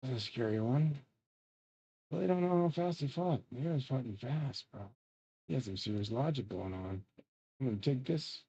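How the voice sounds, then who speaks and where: A man's voice: mid-range voice, moderate pace, breathy edge, lo-fi sound. Rambling, profane man streaming a game. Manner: rambling, profane, excitable outbursts. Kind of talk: casual rambling commentary while gaming.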